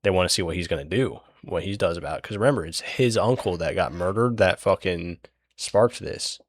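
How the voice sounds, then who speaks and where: Rambling, cursing man with a low voice. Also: brisk, no room sound, studio quality. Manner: rambling, profane, lots of fillers and restarts; acts out characters' lines in his retelling. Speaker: channel host recapping a book. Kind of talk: casual book recap while drawing.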